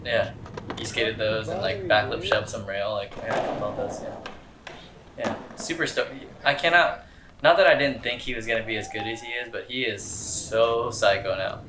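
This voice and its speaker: A man's voice: on the low side, moderate pace, roomy sound, background noise. A young man answering fan questions in a casual, rambling chat, full of slang and fillers. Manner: laid-back, rambling, slangy with lots of "dude" and "like".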